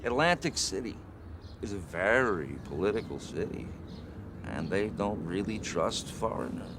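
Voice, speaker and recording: A brash boastful New York tycoon. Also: male voice, on the low side, sing-song, a little slow, noisy background. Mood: smug. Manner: bragging, bossy, interrupts constantly. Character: brash boastful rich male tycoon, middle-aged. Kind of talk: parody comedy film acting.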